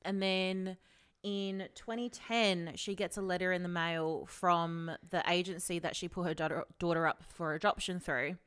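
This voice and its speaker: A woman's voice: on the low side, steady tone, moderate pace, fairly bright tone, clear, resonant tone. A woman co-hosting a podcast, retelling a documentary in casual chat, full of "like" and swearing. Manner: chatty, retells a story with lots of "like" and swearing. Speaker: podcast co-host.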